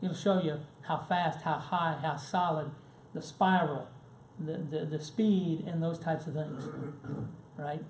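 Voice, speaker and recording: A man's voice: on the high side, fairly even intonation, slow. Guy running a business seminar, chatty storyteller, keeps asking "right?", echoey room, bit of noise behind. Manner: anecdotal, checks in with frequent "right?" and "okay?". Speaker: seminar presenter. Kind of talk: conversational business seminar talk.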